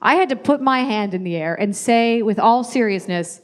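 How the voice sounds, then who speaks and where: High-voiced woman doing stand-up. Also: expressive, normal speed. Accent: American. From Ireland. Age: 30s. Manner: chatty, self-deprecating, wry asides. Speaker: stand-up comedian. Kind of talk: stand-up comedy set. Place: comedy club stage with live audience. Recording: live club audience laughing.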